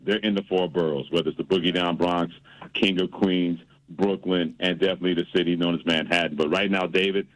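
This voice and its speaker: A man's voice: sits low, steady tone, brisk, poor audio. A man hosting a sports radio show, telling stories and teasing his co-host. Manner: teasing, storytelling.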